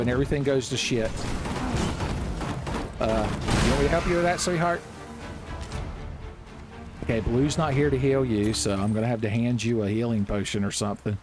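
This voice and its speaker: A man giving loud, profane, joking commentary while playing a video game. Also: fairly high pitch. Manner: loud, profane, jokey, yelling at enemies. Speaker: gaming streamer. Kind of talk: casual gameplay commentary. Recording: gameplay music behind voice.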